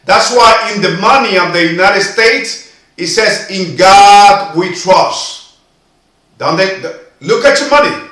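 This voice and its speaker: A man's voice: sits high, animated, slow, pushed and bright. A man giving an impassioned monologue to camera, preachy and emphatic, repeating and drawing out his phrases. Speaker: video commentator. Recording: very echoey room.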